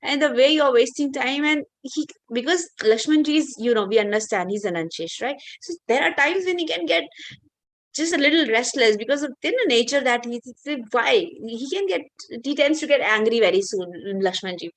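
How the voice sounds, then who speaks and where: A woman's voice: high voice, animated, fairly quick. Chatty woman teacher telling a story. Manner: chatty, many fillers, asks listeners questions. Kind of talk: storytelling in an online class.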